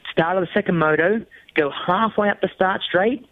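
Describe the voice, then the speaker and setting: A man's voice: high-pitched, normal speed, no room sound. Man telling race stories over a tinny line. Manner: animated, acts out quoted voices, frequent fillers. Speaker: guest, off-road racing champion. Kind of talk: casual storytelling interview. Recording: tinny phone-like dry line.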